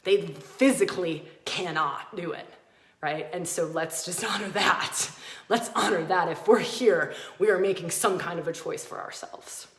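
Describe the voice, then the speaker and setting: A woman's voice: on the low side, measured pace, echoey room. A woman hosting a podcast, giving a passionate, emphatic spiritual teaching talk and repeating phrases for emphasis. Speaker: podcast host.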